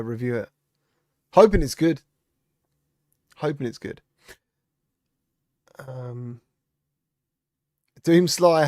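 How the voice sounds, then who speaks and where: A man's voice: on the high side, darkish tone, dry recording, studio quality. A man hosting a casual live-stream chat, greeting viewers by name and answering their comments. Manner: chatty, reads out viewer comments and greets them. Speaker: streamer host.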